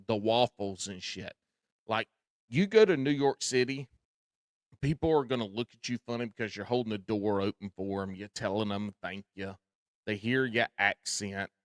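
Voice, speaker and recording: A man's voice: medium pitch, no room sound, clean studio sound. A man hosting a podcast, speaking with a Southern US drawl in casual chat, folksy and freely swearing as he tells stories. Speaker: podcast host.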